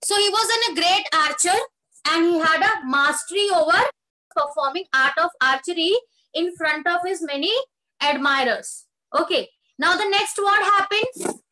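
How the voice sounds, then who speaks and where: A woman teaching a lesson in a very high, bright voice. She retells a story line by line and rereads the quoted lines. She stops often to ask questions and explain the meaning of words. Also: slight background noise, poor audio.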